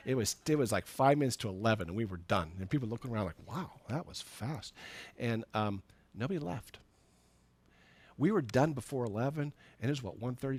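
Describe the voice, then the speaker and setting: Storytelling pastor, dry close sound. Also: male voice, mid-range voice, darkish tone, no room sound. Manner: conversational, laughs at himself, acts out quoted dialogue. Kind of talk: storytelling sermon. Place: church sanctuary.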